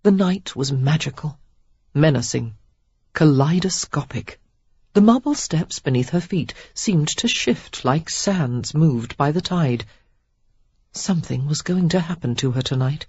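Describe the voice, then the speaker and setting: A narrator reads a romance with lively, rising and falling pitch and a husky, breathy tone. The recording is dry and dull-sounding, with a lo-fi edge. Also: unhurried, no echo. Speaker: audiobook narrator. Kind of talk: scripted narration.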